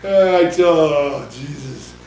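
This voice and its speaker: An older man, a retired pitcher and coach, telling rambling stories in a casual interview, chuckling and acting out the voices of others. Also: slow pace, over a noisy crowd. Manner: rambling anecdotes, acts out voices, chuckles often. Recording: roomy, distant mic, noisy ambience.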